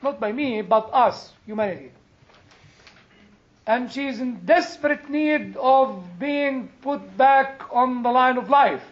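A male chaplain delivers a sermon in an unusually high voice. He speaks very slowly and earnestly, stressing key words and letting softer phrases fade. The recording sounds dull and lo-fi. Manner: earnest, emphatic, lets quieter phrases trail off. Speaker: chaplain and preacher. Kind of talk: sermon with personal storytelling.

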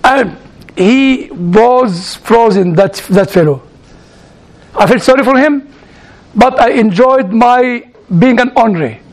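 A man from outside the United States preaching through personal stories, halting and repeating words as he searches, with chuckling asides. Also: extremely high pitch. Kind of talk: sermon told as personal stories.

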